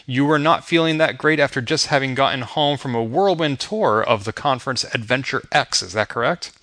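Bright-voiced male podcast host. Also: mid-range voice, fairly quick, no room sound, clean studio sound. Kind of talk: interview podcast.

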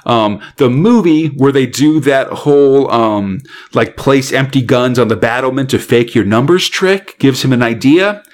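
A man's voice: medium pitch, measured pace, hardly any pauses. A man hosting a casual podcast chat, recapping a comic story with lots of fillers and laughs. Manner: rambling, frequent fillers and laughs.

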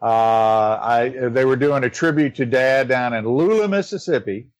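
A man appearing as a podcast guest, recalling stories in an easygoing, casual way. His voice sits at a middle pitch. It reaches the listener somewhat dull and lo-fi, as though over a remote connection. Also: moderate pace. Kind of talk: casual interview chat.

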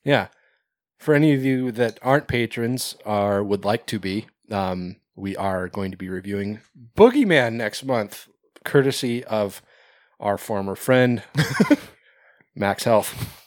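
A man's voice: fairly low pitch, expressive, slow, no echo, studio quality. A man hosting a podcast in casual chat, rambling, swearing and laughing often. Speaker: podcast host.

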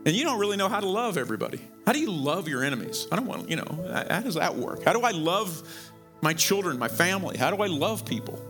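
A middle-aged male pastor from Missouri preaching a sermon in a conversational way, repeating words and jumping up in pitch to stress his points. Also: animated, brisk, over music. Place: church sanctuary.

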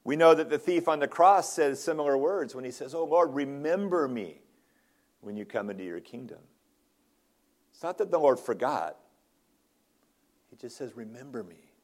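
A man's voice: medium pitch, animated, normal speed, pauses often. Man preaching an earnest sermon. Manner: earnest expository preaching with repeated restarts. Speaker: ruling elder preaching. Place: church sanctuary.

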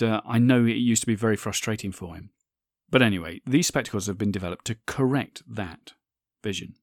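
A man's voice: on the low side, no echo, studio quality. A man hosting a solo podcast, talking in an earnest, reflective way with frequent restarts. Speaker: podcast host.

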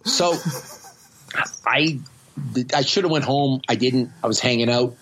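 A man's voice: medium pitch, unhurried, a bit bright, rough recording. A man hosting a podcast, telling stories in a blunt, profane, self-mocking way. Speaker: podcast host. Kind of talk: casual storytelling chat.

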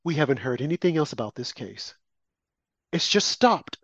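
A political commentator with a husky, slightly high voice and big pitch swings speaks at a moderate pace in an opinionated monologue. He hammers his points repetitively and mocks as he goes, in a dry, slightly muffled lo-fi recording.

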